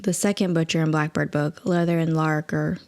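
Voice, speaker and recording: Woman, podcast co-host, casual chat, laid-back, offhand, casual swearing, lowish pitch. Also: fairly even intonation, a little fast, a little mellow.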